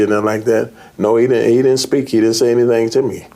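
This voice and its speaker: A man, a pastor, telling in an interview how he came out of a coma, halting and repeating words earnestly. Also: mid-range voice, steady tone, mellow. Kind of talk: interview guest recounting illness. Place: TV studio.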